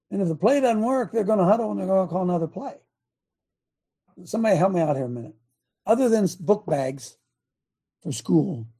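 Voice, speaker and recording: An older man from Ohio preaching a folksy, blunt sermon, swinging between loud emphatic bursts and quiet asides. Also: sits high, vocal fry, breathy edge.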